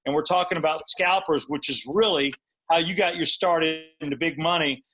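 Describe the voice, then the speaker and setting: A male podcast host with a high voice talks in eager, joking banter. He swears casually and goes easily from praise for his guest to a sponsor read. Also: normal speed, pushed and bright.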